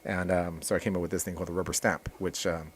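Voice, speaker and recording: A man who teaches jiu-jitsu, talking casually as a podcast guest in a relaxed, rambling way with many restarts. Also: low voice, quick pace, breathy edge.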